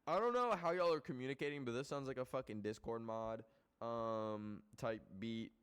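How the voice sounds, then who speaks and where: Rambling, animated young man podcasting. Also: mid-range voice, normal speed, smooth. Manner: rambling, heavy filler words, frequent swearing; animated, jumps between loud outbursts and soft asides. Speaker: podcast host. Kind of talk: casual podcast chat.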